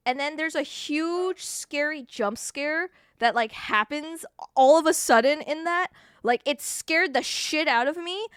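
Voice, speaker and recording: A woman live streamer chatting casually with her viewers, telling stories in an animated way with frequent laughs and swearing. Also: sits high, unhurried, few pauses, no echo, studio quality.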